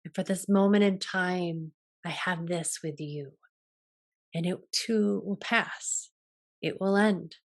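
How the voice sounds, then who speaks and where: Woman, podcast host, gentle reflective solo talk, soft-spoken, restarts sentences. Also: on the low side. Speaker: podcast host and yoga teacher.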